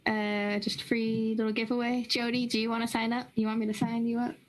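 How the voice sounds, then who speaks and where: A woman co-hosting a live stream, upbeat and quick to laugh while announcing giveaways and deals. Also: on the high side, little pitch movement, poor audio. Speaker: co-host. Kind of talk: casual chat.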